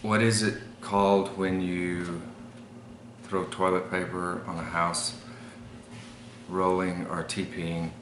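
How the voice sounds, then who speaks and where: A man's voice: deep voice, flat delivery, slow, long pauses, fairly bright tone, a little hiss or hum. A man from El Paso with an El Paso accent, reading accent-tag questions and explaining his accent in a matter-of-fact way. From El Paso, Texas. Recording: roomy echo.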